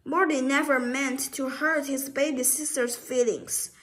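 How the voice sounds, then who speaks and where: A woman's voice: high voice, steady tone, unhurried. A woman reading a children's storybook aloud, often stumbling and restarting words.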